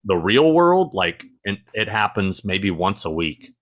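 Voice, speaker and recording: A man co-hosting a casual live chat, telling stories in an animated way and laughing easily. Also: fairly low pitch, unhurried. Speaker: co-host.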